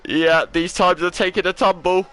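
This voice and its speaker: A man commentating an online racing league qualifying session, excitable and rising to shouts when lap times come in. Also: high voice, normal speed. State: out of breath. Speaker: lead commentator. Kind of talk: esports race commentary.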